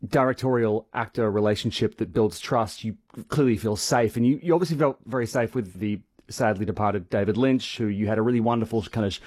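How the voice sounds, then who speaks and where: A man with a fairly low voice puts long, measured questions to his guest. The sound is dry and close. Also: a little mellow, no echo. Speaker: interviewer. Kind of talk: interview questions.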